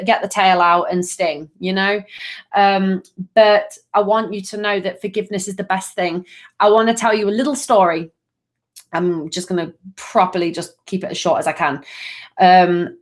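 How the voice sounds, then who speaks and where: A middle-aged woman hosting a live astrology reading, chatty and reassuring, often laughing at herself. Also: medium pitch. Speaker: tarot and astrology reader.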